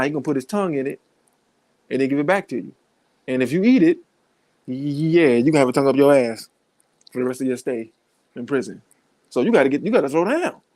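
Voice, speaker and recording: A man's voice: on the high side, a little mellow, no room sound. A man giving blunt, profane reaction commentary in a casual way, laughing between points.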